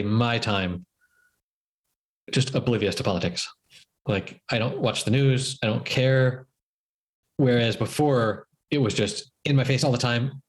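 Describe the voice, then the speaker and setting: A man co-hosting a casual podcast, talking with dry, wry humor. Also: mid-range voice. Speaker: podcast co-host. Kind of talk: casual chat.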